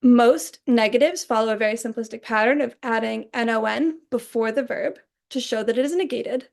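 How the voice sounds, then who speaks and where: A young adult woman giving a recorded class presentation, explaining points in a clear, orderly way. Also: on the high side, normal speed. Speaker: student presenter.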